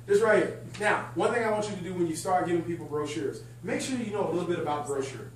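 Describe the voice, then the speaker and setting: An energetic man leads a sales training session, his voice sitting higher than most men's. He talks excitedly and banters with the crowd. The mic is some way off in a very echoey function room with a faint hum behind him. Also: fast talker, recorded from a distance. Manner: energetic, excitable, chatty, jokes with the audience. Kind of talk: lively sales training talk to a live group. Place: function room at a country club event.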